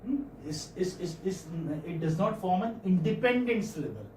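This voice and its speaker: Guy teaching phonetics, kinda high voice, far from the mic in an echoey classroom. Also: lively intonation, moderate pace, darkish tone, slight background noise. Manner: patient, checks in often with "okay?" and "hmm?". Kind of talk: classroom lecture.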